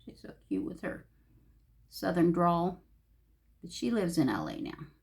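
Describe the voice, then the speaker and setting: This woman's voice sits fairly low, with big swings in pitch, vocal fry, and a darkish tone, and she takes her time. A beauty vlogger from Los Angeles, she gushes and talks to herself as she works through a relaxed makeup tutorial.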